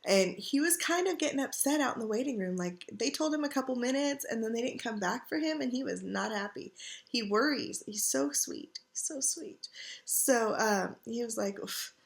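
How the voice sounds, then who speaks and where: Sore and tired while recovering from surgery, a middle-aged woman vlogs casually from her couch at home, rambling with lots of fillers. Her voice runs on the high side with vocal fry at a moderate pace.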